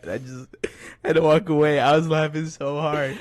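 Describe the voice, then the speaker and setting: A man co-hosting a podcast, telling a story loudly and excitedly with crude slang and bursts of laughter. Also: on the high side, normal speed, no echo. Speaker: podcast co-host. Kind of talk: casual storytelling among friends.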